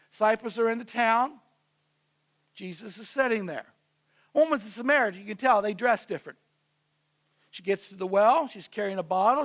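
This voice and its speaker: High-voiced male pastor telling a story. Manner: conversational storytelling, acting out the characters' voices. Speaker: senior pastor. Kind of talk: sermon. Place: church.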